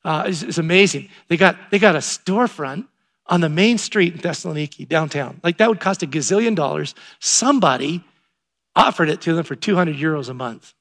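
Excitable pastor, slightly high voice. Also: male voice, fairly quick. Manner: conversational storytelling, rising to excited emphasis. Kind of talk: sermon.

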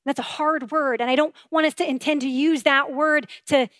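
A woman's voice: sits high, fairly even intonation, normal speed, a bit bright, dry recording. A woman pastor giving a sermon in an earnest, conversational way, asking her listeners rhetorical questions.

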